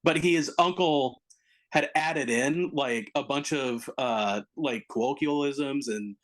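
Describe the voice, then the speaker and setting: A man's voice: medium pitch, slow. A man on a casual film podcast who talks in an enthusiastic, rambling way, hedging as he goes. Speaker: podcast co-host.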